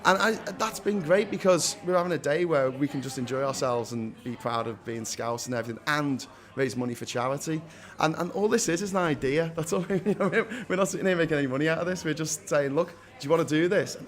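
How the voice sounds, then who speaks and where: A man's voice: fairly high pitch, a little fast. A young man with a Liverpool accent, chatting upbeat in an interview and laughing often. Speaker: founder of a local food day. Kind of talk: casual interview.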